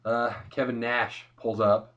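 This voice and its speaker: A man's voice: mid-range voice, little pitch movement, slow, dull audio. A young man co-hosting a wrestling review, recapping the show in a joking, laid-back way. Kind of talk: casual chat.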